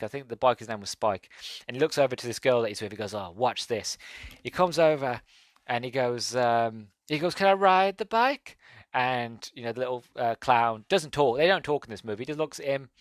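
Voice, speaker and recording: A podcast host rambles enthusiastically through a casual movie review monologue, packed with fillers. His voice is medium-pitched and fairly bright, recorded with no echo.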